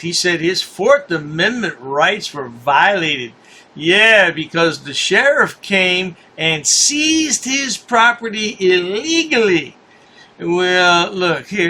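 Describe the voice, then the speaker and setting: A man's voice: high voice, bright, forceful tone. A man hosting a commentary channel, mocking a news story in a sarcastic, scornful way and repeating his points for effect.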